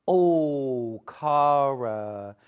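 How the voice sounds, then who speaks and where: A woman's voice: rumbling low, expressive, very slow, dull audio. A woman presenting live on a TV shopping channel, gushing over the products and urging viewers to buy. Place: TV studio.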